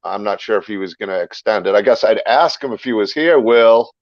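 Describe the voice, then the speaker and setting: A man hosting a livestream, chatting casually in a relaxed, joking way. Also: on the low side, a little fast, dry recording. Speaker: show host. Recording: dry, dull lo-fi stream audio.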